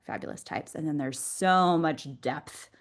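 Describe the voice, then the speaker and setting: A woman's voice: low-pitched, measured pace. A woman being interviewed on a podcast, explaining her field enthusiastically and laughing often. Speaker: podcast guest, Human Design mentor.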